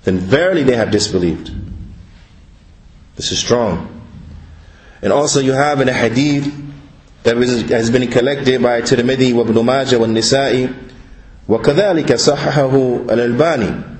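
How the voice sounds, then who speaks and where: A man interpreting a religious lecture, speaking deliberately and repeating each point. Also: mid-range voice, reverberant, poor audio.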